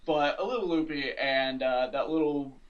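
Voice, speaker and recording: Man, podcast co-host, casual comic recap, slightly high voice, lively, a little off-mic. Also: normal speed, distant mic, muffled recording. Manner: animated, laughs often, acts out characters' lines.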